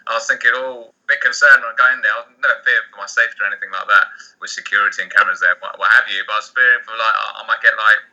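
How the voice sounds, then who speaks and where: A man answering interview questions fast and animated, stumbling over restarts. His low voice is very bright and edgy. The recording sounds dull and lo-fi. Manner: rapid, animated, many restarts. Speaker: poker player guest.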